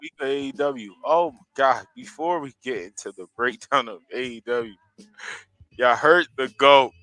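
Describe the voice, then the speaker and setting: A man's voice: mid-range voice, normal speed, pushed and bright, no echo, low-quality recording. A man hosting a podcast, talking casually about wrestling in an emphatic, exclamatory way. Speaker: podcast host.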